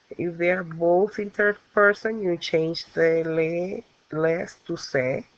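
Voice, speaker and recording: A woman teacher walks through a grammar lesson at an unhurried pace, pausing on fillers as she explains each step. Her voice sits in a mid range, and the recording is dry and dull, with muffled lo-fi sound. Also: on the low side, fairly bright tone, smooth, no echo. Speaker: Spanish teacher.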